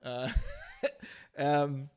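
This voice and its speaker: A man's voice: mid-range voice, flat delivery, very slow, a little mellow, smooth. A man hosting a solo podcast as a tech journalist, talking through his opinions in a casual, hesitant way with frequent fillers and restarts. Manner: hesitant, many restarts and fillers, thinking aloud; conversational, opinionated. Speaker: podcast host.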